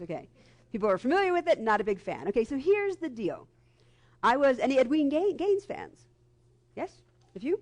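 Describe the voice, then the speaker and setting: A middle-aged woman preaches to a congregation through a live microphone, her voice sitting a little high. She talks in a lively, chatty way and slips into the voices of the people in her stories. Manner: lively and conversational, acts out quoted voices. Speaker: guest minister. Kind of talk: sermon with storytelling. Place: church sanctuary before a congregation.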